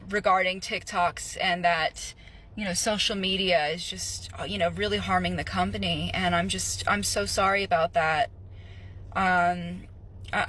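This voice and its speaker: A man telling a casual storytime vlog with animated, laughing delivery and some swearing. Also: high voice. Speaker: content creator.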